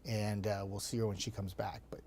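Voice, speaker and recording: A man's voice: lowish voice, little pitch movement, brisk, a little mellow. A man hosting a casual live weather chat, greeting viewers by name in a chatty, self-deprecating, upbeat way.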